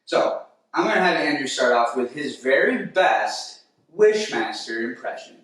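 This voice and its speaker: Young male host of a casual review show: rambling and filler-heavy, recorded far off in a boomy room. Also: very animated, unhurried, a bit bright. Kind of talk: casual comedic film review chat. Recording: very echoey room, distant mic.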